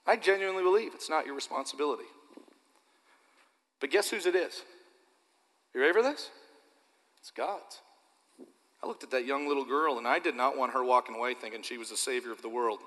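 A man preaching a sermon to his church, animated and repetitive, addressing the audience directly. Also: medium pitch, fairly quick, long pauses, long reverb tail. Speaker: pastor.

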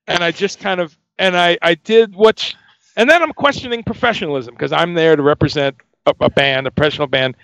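A man with a high, gravelly voice tells an animated story in casual conversation. He slips into the voices of the people he describes. The recording is dry and close. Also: a little fast, dry recording. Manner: lively, acts out voices in quoted dialogue. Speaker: touring band crew member.

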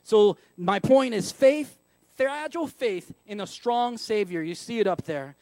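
A pastor with a high voice delivers his sermon in a conversational, self-deprecating way and leans on rhetorical questions. The sound is dry and close. He stays candid throughout. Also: expressive, a little slow, darkish tone, no room sound.

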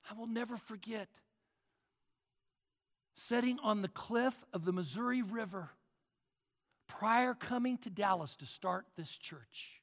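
A high, bright male pastor preaching with a gravelly edge, pacing his words slowly. He swings from forceful calls to hushed near-whispers. His voice carries with a long hall reverb. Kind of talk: sermon.

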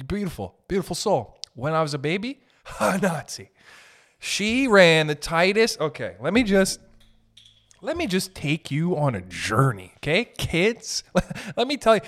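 A young man hosting a podcast, ranting in a comedic, animated way, swearing and laughing as he goes. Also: on the high side. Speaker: podcast host. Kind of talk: comedic rant.

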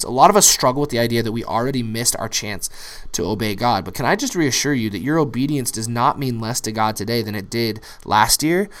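A young adult man, a pastor, preaching a sermon in an earnest storytelling way that rises to emphatic peaks. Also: medium pitch.

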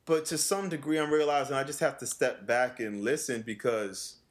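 A man co-hosting a casual talk show, a vocal coach who chats animatedly, laughs often and slips into quick impressions of other people. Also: medium pitch. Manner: animated, mimics voices often, laughs a lot. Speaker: podcast co-host and vocal coach. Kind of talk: casual chat.

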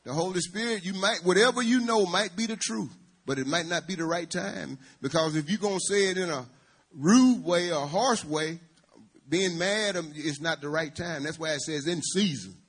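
Husky preacher man calling to his church. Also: high voice, moderate pace. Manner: call-and-response, calling out to the congregation. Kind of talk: church sermon.

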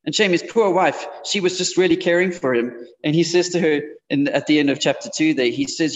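Pastor in a reverberant hall. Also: male voice, on the high side, brisk, hardly any pauses. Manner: conversational preaching, speaks directly to the congregation. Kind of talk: sermon. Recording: dull lo-fi sound with long hall reverb.

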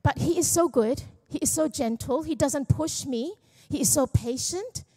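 A middle-aged woman pastor with a somewhat high voice shares a personal testimony from the church stage. She speaks candidly and pokes fun at herself, slipping jokes into a heartfelt sermon. Her tone stays conversational and unpolished. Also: moderate pace, warm tone. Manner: candid, self-deprecating and joking. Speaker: young adults pastor.

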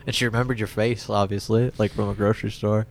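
A man in casual chat, an encouraging listener giving quick short reactions. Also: lowish voice, flat delivery, creaky.

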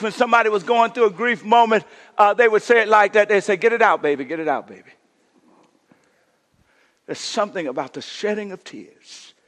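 A male pastor preaches with a high, bright, ringing voice, taking his time and leaning on each phrase. He calls the congregation to answer back and sinks to a near whisper for emphasis. His words echo with a long reverb through a large hall. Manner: call-and-response preaching, drops to a hush for emphasis. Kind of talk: sermon.

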